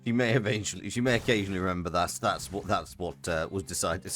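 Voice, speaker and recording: A man's voice: low-pitched, fast, fairly bright tone, soft background music. A man streaming a game live, chatting casually and reading out chat messages between plays. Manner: chatty, rambling, reads chat aloud. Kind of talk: casual live gaming commentary.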